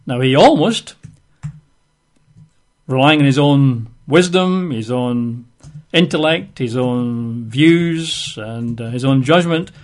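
A man's voice: mid-range voice, slow pace. A man preaching a sermon, reading and retelling a Bible story with chuckles and chatty asides.

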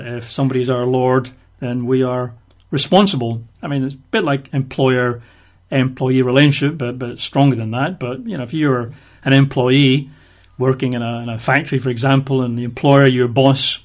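A man's voice: medium pitch, steady tone, moderate pace, few pauses. Conversational man teaching the Bible. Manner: explanatory, uses everyday examples.

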